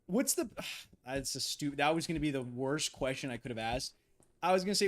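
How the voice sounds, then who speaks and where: Lively, flustered man streaming a game. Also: a little high, moderate pace. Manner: flustered, stammering, laughs often. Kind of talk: casual live-stream gaming chat.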